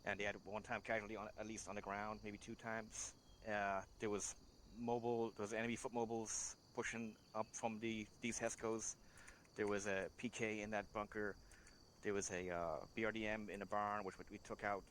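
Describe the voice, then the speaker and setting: A man reporting to his leader in a debrief, halting with many fillers. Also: lowish voice, little pitch movement, fairly bright tone, slight background noise. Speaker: squad member reporting.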